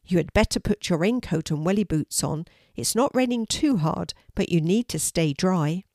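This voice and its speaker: An older woman voicing a gentle, caring mother in a storybook reading. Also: on the low side, animated, normal speed, no room sound, studio quality.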